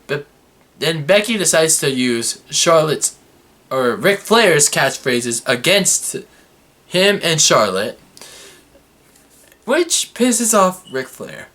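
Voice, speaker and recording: Excitable young man recapping wrestling. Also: medium pitch, slow, pauses often. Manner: excitable, sarcastic, fluctuating energy. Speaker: wrestling review vlogger. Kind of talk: casual recap commentary.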